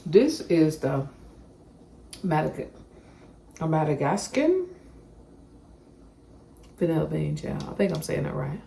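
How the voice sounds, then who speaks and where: A woman's voice: low-pitched, big pitch swings, takes it slowly, gravelly, long pauses, mellow, a little hiss or hum. A woman vlogging casually about her day, chatty and folksy, calling her viewers honey and child. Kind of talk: casual day-in-the-life vlog.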